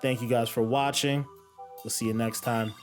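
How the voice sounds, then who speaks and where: A man hosting a gaming podcast in casual chat, relaxed and rambling with filler words. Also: medium pitch, normal speed, faint music behind. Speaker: podcast host.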